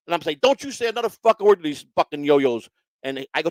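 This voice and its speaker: A man's voice: on the high side, fast talker, no echo, low-quality recording. A man hosting a casual online show, telling a long profane story and acting out the voices of the people in it. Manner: profane, animated, acts out quoted voices. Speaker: host.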